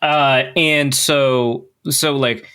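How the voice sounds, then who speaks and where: A young adult man co-hosting a podcast, telling a funny story in an animated, self-mocking way and laughing along. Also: mid-range voice, very slow, clean tone. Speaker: podcast co-host. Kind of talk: casual storytelling chat.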